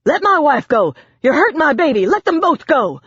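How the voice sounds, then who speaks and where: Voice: medium pitch, a little fast, slightly rough, no echo, pitched above the performer's own voice, natural voice. A narrator voicing a desperate armed man who screams and pleads in a frantic manner, on a dry, dull recording. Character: desperate armed man, shouting hostage-taker.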